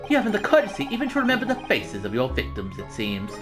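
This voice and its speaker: A man voicing a haughty upper-class English gentleman in a video game, with a pompous, formal and cutting manner. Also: high-pitched, huge pitch swings, fast, over music, voice pushed up.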